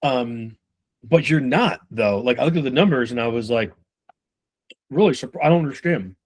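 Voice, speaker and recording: A man giving casual sales-management coaching, talking loosely and with profanity while acting out quick snippets of conversation. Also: medium pitch, lively intonation, darkish tone. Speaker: sales trainer.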